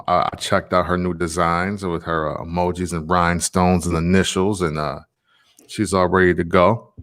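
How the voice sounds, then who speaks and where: This vlog host is a Tennessee man in his thirties with a deep, slightly bright voice. His delivery is relaxed and meandering, full of filler words.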